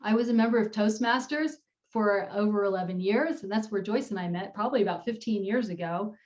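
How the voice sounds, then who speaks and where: A woman's voice: medium pitch, brisk, a little mellow. Woman in her 50s coaching on public speaking over a video call, storytelling, kinda muffled audio. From United States. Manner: storytelling, upbeat with frequent laughs. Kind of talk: presenting a webinar talk.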